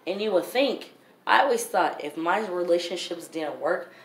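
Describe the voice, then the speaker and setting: A woman's voice: fairly low pitch, expressive, moderate pace. A woman vlogger telling her story in a blunt, heated, profane way. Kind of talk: storytime vlog. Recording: roomy echo, faint background noise.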